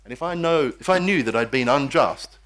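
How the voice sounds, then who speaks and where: Animated man preaching a story. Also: mid-range voice, a little fast. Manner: animated storyteller acting out voices. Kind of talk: storytelling sermon.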